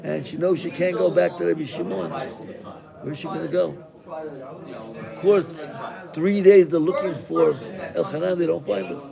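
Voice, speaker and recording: Gravelly-voiced rabbi telling a story. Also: male voice, on the high side, unhurried, pauses often, crowd noise. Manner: animated, acts out the characters. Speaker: rabbi teaching a class. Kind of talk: dramatic storytelling in a lesson. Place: classroom.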